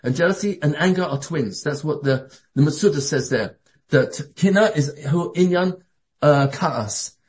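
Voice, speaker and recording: A man with a high voice preaches a sermon. He talks with a lot of energy, stumbles and restarts often, and shifts between calm and excited passages. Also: moderate pace. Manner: animated, acts out quoted voices, frequent restarts. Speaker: Torah teacher.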